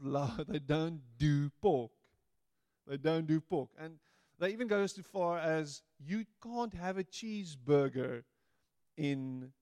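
Slow-paced preaching man, dry close sound. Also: a little high, gravelly, a little mellow, no room sound. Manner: playful, acts out quotes with voices. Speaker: pastor. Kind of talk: sermon.

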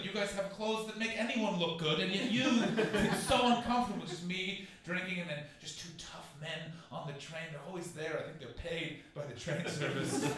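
A young Canadian man from Ontario hosting a live comedy podcast, rambling and self-mocking, breaking into shouted impressions. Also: fairly high pitch, far from the mic. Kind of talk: live stand-up storytelling. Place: small black-box theatre with a live audience. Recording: echoey theatre from off-mic with crowd laughter.

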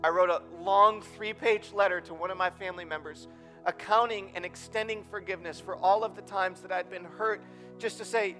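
A man's voice: sits high, fairly even intonation, brisk, pushed and bright, soft background music. A man in his thirties preaching a sermon in a church, earnest and storytelling, building to emphatic appeals. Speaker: pastor. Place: church auditorium.

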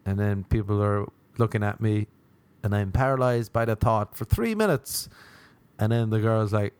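A young Irish man performing a stand-up comedy monologue, animated, and often jumping high in pitch when acting out other people. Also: normal speed, clean tone. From Ireland.

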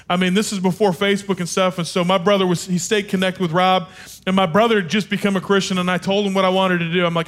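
A man preaching from a stage, telling his own story in an animated, self-deprecating and humorous way. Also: sits high, fast. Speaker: speaker. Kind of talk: sermon with personal storytelling.

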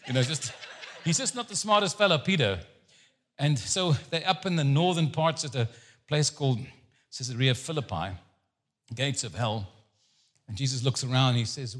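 A man with a husky voice preaches to a congregation. His pitch sits a little high and swings widely as he tells stories and jokes. He speaks as a guest preacher at a service. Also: a little fast. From Jewish background. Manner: animated, joking storyteller. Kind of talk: sermon.

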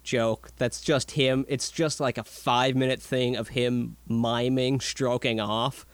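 A young man co-hosting a podcast in casual chat, swearing a lot and reacting excitedly. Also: medium pitch, takes it slowly, smooth, dry recording. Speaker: podcast co-host.

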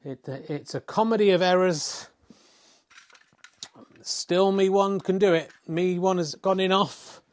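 A man's voice: high voice, takes it slowly, long pauses. A middle-aged man giving wry, self-mocking mock sports commentary, swearing in mock exasperation at the play. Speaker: comedy snooker commentator.

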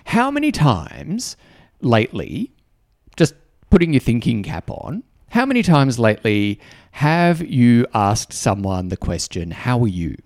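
Man, podcast host, slow and thoughtful with restarts, lively pitch, dry close sound. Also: no room sound. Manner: reflective and conversational, with frequent restarts and repeated words. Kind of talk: solo podcast monologue.

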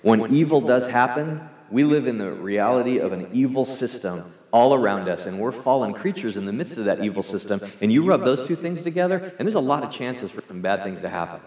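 A man's voice: medium pitch, lively intonation, a little fast, hardly any pauses, darkish tone. A man preaching a sermon to his congregation in a conversational, earnest way, leading them in prayer. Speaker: pastor. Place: church hall. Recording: echoey hall reverb.

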